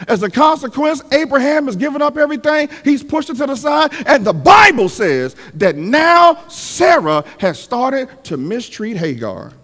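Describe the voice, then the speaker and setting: A man delivers a sermon in a high voice that leaps up and down with feeling. He builds to shouted peaks and calls on the congregation to answer. His voice rings in a reverberant church hall. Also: sing-song, normal speed, few pauses. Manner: emphatic, call-and-response preaching with shouted peaks. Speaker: pastor.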